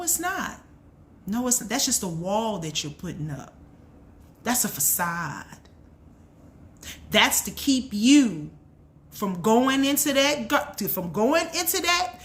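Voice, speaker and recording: A woman's voice: medium pitch, fairly bright tone, a little hiss or hum. An earnest woman speaks straight to her listeners with a preacher's insistence. She says her key points twice and talks in loose, everyday grammar. Her voice sits at an average height. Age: adult with a son. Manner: earnest and preachy, repeats phrases for emphasis. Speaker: channel host. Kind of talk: motivational faith talk.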